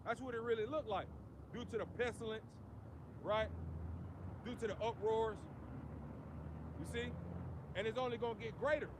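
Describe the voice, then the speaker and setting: A man's voice: sits high, normal speed, pauses often. A man street preaching outdoors in an emphatic, preachy way, tagging his lines with "man" and "you see". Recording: outdoor street noise behind.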